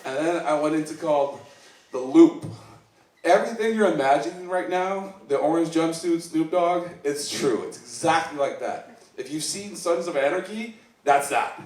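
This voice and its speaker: A man's voice: a little high, moderate pace, darkish tone. Self-deprecating Icelandic man at an open mic. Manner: self-deprecating, rambling, with acted-out voices. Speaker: stand-up comedian. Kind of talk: open mic stand-up comedy. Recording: echoey room recorded from a distance. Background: audience laughter.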